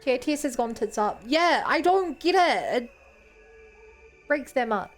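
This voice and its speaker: Young woman streamer with a bright voice. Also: sits high, expressive, measured pace, soft background music. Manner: frustrated, talks to chat. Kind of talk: live game stream, reading and chatting.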